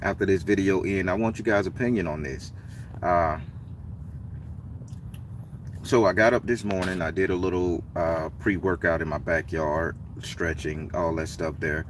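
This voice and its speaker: A man casually telling a story to his viewers, his voice climbing high and heated as he acts out an argument. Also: moderate pace, recorded from a distance, slight background noise. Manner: animated street-talking storyteller, rising excited and heated as he retells.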